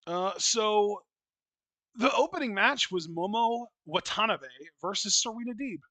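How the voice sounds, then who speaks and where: A man's voice: high-pitched, unhurried, bright, forceful tone, dry recording. A man co-hosting a casual podcast, talking in a blunt, opinionated and profane way, with rambling restarts. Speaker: wrestling podcast co-host.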